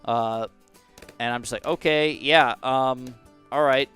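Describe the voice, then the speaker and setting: A man's voice: mid-range voice, steady tone, slow, fairly bright tone, smooth, faint music behind. A man in his twenties chatting casually over gameplay, rambling through a story and acting out what people said. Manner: chatty, rambling anecdotes with acted-out quotes. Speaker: gaming YouTuber.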